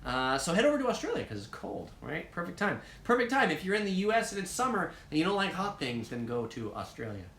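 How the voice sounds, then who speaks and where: A man's voice: fairly high pitch, big pitch swings, fast, hardly any pauses, fairly bright tone, echoey room, a little hiss or hum. An American man hosting a casual live chat and answering viewer comments, rambling along with lots of ums, uhs and likes. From United States.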